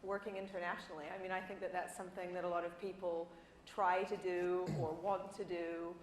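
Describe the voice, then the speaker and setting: A New woman with a fairly low voice moderates a panel, putting questions to the panelists and teasing them. She is heard in an echoey hall with faint background noise. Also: little pitch movement, fairly quick. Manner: asks questions and teases the panelists. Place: conference hall.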